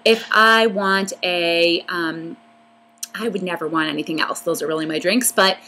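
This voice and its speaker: Casual vlogger, woman, Western New York accent with a Southern touch, bright tone, rambling with lots of ums. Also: fairly low pitch, normal speed. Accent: Western New York with some Southern New Orleans influence. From upstate New York. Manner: chatty, rambling with frequent ums. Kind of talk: casual accent tag video.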